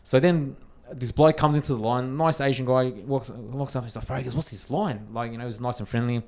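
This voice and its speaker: On a casual podcast, a young Australian co-host recounts a story at a fairly quick pace in a mid-range voice. Expect plenty of swearing, animated delivery and acted-out quotes.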